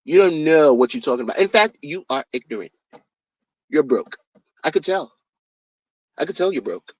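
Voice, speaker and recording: A man's voice: animated, moderate pace, husky, no echo. A man putting on the voice of a boastful, condescending male crypto founder who talks down to a critic. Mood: smug, scornful. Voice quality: low, mocking, self-important. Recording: dull dry lo-fi recording.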